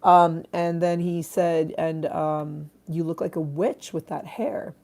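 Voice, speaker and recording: A woman's voice: deep voice, steady tone, takes it slowly, dark tone. A woman chatting casually on a live stream, irreverent and self-mocking, swearing freely while she eats and drinks.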